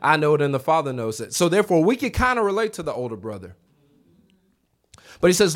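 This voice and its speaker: Animated preacher man at a revival. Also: fast, long pauses. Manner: animated, voice rising high when acting out quotes; conversational, many restarts and asides to the congregation. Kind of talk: revival sermon. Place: church sanctuary.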